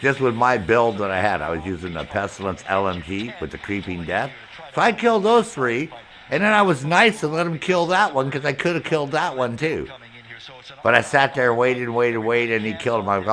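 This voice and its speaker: A man's voice: mid-range voice, brisk. A man streaming a game, telling his chat an angry story about a clan member, quoting both sides and cursing heavily. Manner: heavy cursing, animated storytelling with quoted back-and-forth. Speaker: gaming streamer.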